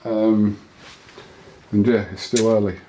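A man's voice: lowish voice, flat delivery, takes it slowly, dark tone. A man, a podcast host, interviewing in a cheeky, jokey way. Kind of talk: casual interview banter. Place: gym. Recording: echoey room with faint noise.

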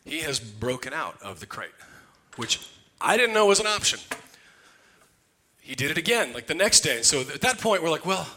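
A man's voice: fairly high pitch, normal speed, pauses often. A man preaching, telling a funny family story in a loose, conversational way. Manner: conversational, jokey, animated. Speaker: pastor. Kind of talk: humorous sermon storytelling. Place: church sanctuary.

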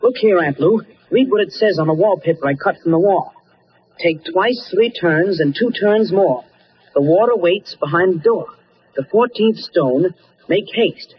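A man's voice: high voice, measured pace, slightly rough, full character voice. An actor playing an eager, plucky young man, in 1940s radio acting on a muffled old recording. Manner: eager, excitable.

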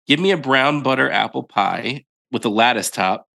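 A man's voice: medium pitch, moderate pace, vocal fry, pushed and bright. A man co-hosting a podcast in casual chat, sounding nasal and congested from a cold, joking and reading a listener email aloud. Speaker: podcast co-host.

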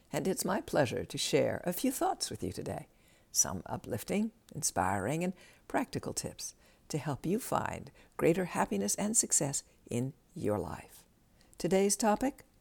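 Low, gravelly woman host with lively pitch. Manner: direct, coaching, acts out quoted dialogue. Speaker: self-help podcast host. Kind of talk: scripted self-help talk.

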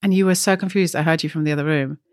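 A woman's voice: low voice, fairly even intonation, very fast, no room sound, clean studio sound. A woman with a German accent, co-hosting a podcast in a chatty storytelling manner and laughing often. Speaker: podcast co-host. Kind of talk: casual chat.

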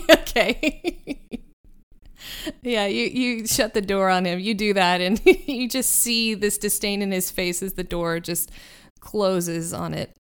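A woman's voice: mid-range voice, a little slow, clean tone. A woman narrating a tabletop role-playing game as game master, describing scenes and laughing often.

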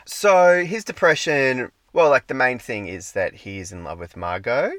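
A man's voice: mid-range voice, moderate pace, a bit bright. A man talking casually about films as a podcast co-host, rambling with plenty of fillers. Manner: rambling, with many fillers and hedges.

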